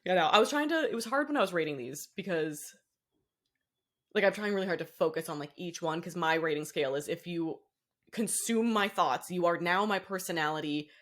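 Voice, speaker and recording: A woman's voice: fairly low pitch, a little fast, fairly bright tone. Rambling, laughing woman co-host. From Boston area, US. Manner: rambling, self-interrupting, laughs often. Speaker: podcast co-host. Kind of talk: casual chat.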